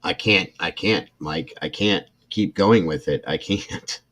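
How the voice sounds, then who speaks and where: This middle-aged man has a deep voice with a fairly bright tone and talks a little slowly. Hosting a true crime livestream, he reads out a report, reacting with emotion and irritation while speaking to chat viewers by name.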